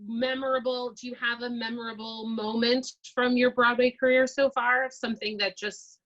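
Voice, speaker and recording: A woman hosting an interview, asking questions and nudging her guest along with quick encouraging prompts. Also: on the high side, flat delivery, fairly bright tone, lo-fi sound. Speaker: interview host. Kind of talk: casual interview.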